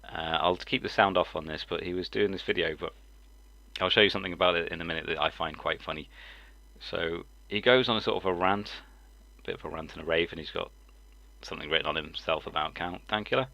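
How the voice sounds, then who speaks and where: A man's voice: deep voice, quick pace, bright, forceful tone, no room sound. A man, a live-stream host, chatting casually, rambling and breaking into laughter often. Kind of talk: casual chat.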